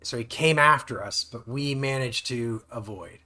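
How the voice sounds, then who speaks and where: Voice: mid-range voice, normal speed, bright, forceful tone, soft background music. A board game player in a casual tabletop playthrough, explaining the rules step by step and laughing often.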